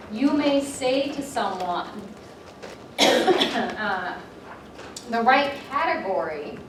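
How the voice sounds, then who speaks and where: A middle-aged woman leading a coaching workshop, chatty, telling self-deprecating stories between her points. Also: mid-range voice. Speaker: workshop facilitator. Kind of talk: classroom instruction. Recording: echoey room from far off, noisy.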